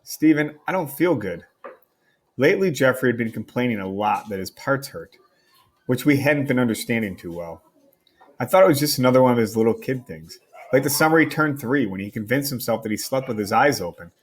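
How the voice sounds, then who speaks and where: Husky man reading a novel aloud. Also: mid-range voice, animated, a little fast. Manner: wry, conversational storytelling. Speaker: teacher reading a novel to a class.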